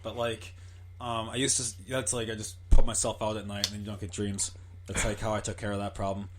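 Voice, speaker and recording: A man's voice: fairly low pitch, flat delivery, a little fast, noisy background. A man hosting a podcast in casual chat, joking crudely and swearing freely. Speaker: podcast host.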